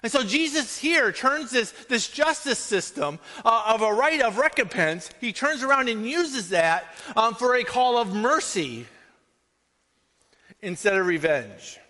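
A man's voice: extremely high pitch, big pitch swings, unhurried, bright, forceful tone. A man preaching a sermon as pastor, talking conversationally and often checking in with "right?". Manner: conversational, frequent "right?" asides. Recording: long hall reverb.

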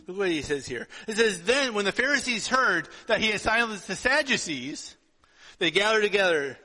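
Middle-aged male pastor, high bright voice, storytelling sermon, reverberant sanctuary. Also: moderate pace. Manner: storytelling, animated with acted-out dialogue. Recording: long reverb of a hall.

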